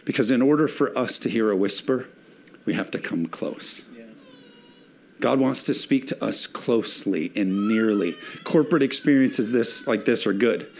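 A male pastor preaching a sermon with emphatic swells and slowed, stressed phrases, a father of young children. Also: on the low side, a little hiss or hum.

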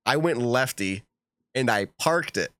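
A man hosting a live podcast in casual chat, animated and laughing often as he reads texts aloud. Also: medium pitch, a little slow, dry recording. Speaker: podcast host.

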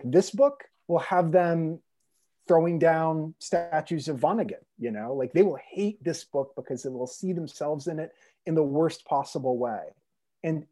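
A man's voice: a little high, dark tone. A man co-hosting a casual literary discussion, speaking passionately and with strong opinions, swearing now and then and leaning on fillers. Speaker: co-editor and podcast co-host.

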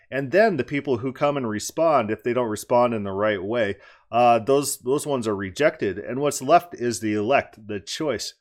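Emphatic argumentative male commentator. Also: mid-range voice. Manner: emphatic, argumentative, repeats words for stress. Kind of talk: critical commentary on a debate clip.

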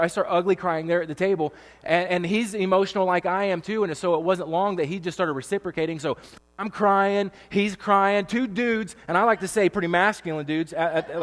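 A man's voice: high-pitched, long reverb tail. A man in his thirties, a pastor preaching a conversational sermon, emotional, with many fillers and restarts. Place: church stage with long reverb.

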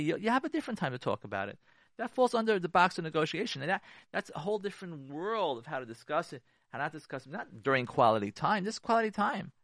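An emphatic male counselor on a radio show, his pitch leaping up and down as he drives home each point. His bright, forceful voice comes through dry and close. He repeats phrases and briefly acts out the spouses he talks about. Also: no room sound. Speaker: marriage counselor. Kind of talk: radio advice talk.

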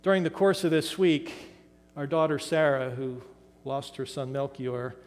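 An older man from western Pennsylvania preaching a sermon, pausing dramatically and letting key words trail off softly. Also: mid-range voice, long reverb tail. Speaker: pastor.

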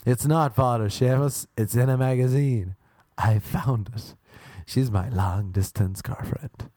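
Male comic, animated delivery with acted-out voices, dry mic. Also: medium pitch, a little slow, no room sound. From Ireland. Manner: animated, acts out voices, laughs at own jokes. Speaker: stand-up comedian. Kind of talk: stand-up comedy routine.

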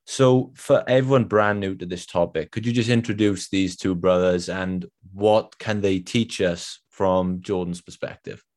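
A man with a very deep voice hosts a relaxed interview. He reacts to his guest with open enthusiasm and praise, then poses questions casually with plenty of "um"s and restarts. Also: unhurried, few pauses. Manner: enthusiastic, appreciative, with fillers and restarts. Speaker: podcast host.

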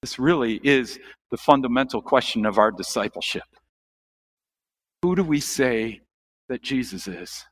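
A male pastor preaching a sermon, asking the congregation questions, animated, with sharp rises and drops in his voice. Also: medium pitch, unhurried, long pauses.

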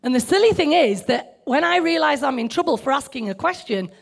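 A woman's voice: high voice, expressive, a little fast, creaky. A middle-aged woman preaching a sermon in a conversational way, asking the listeners questions.

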